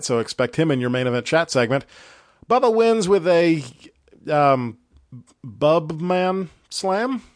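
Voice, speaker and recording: A man's voice: a little high, dry recording, studio quality. A man hosting a podcast, recapping a broadcast in a sarcastic, exasperated way and swearing freely. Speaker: podcast host.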